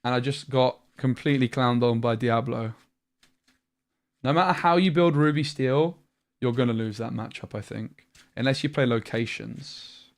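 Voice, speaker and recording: A man's voice: mid-range voice, moderate pace. A young British man streaming a card game, thinking aloud in a chatty way, tired after a long session. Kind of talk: live-stream commentary while playing a card game.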